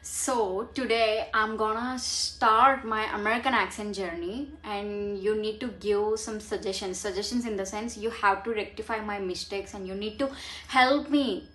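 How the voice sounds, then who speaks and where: A young woman, talking in a casual vlog, earnest and halting with fillers. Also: mid-range voice, steady tone, fairly bright tone. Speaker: vlogger. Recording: roomy echo.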